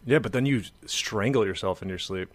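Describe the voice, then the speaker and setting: A man's voice: lowish voice, fairly quick, crowd noise. A man co-hosting a casual chat, dropping joking quips. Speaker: podcast co-host.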